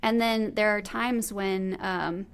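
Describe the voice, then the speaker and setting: A woman's voice: medium pitch, takes it slowly, creaky, smooth. A woman in her thirties hosting a podcast, chatting casually and animatedly acting out what she and her kids say. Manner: animated, quotes her kids and herself aloud. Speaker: podcast host. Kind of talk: casual conversational interview.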